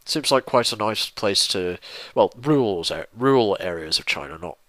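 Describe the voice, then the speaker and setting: A man's voice: lowish voice, animated, moderate pace, fairly bright tone, no room sound. A young English man rambling through a casual viewer Q&A, self-deprecating and swearing mildly. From England. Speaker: YouTuber answering viewer questions. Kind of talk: casual Q&A monologue.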